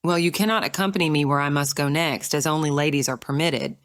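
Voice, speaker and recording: A poised young lady with a smug, teasing tongue, voiced by a woman narrator. Her lines come wry and composed in a smooth, low tone. The recording is close and dry. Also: quick pace, a bit bright, no room sound. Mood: exasperated. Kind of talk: audiobook character reading.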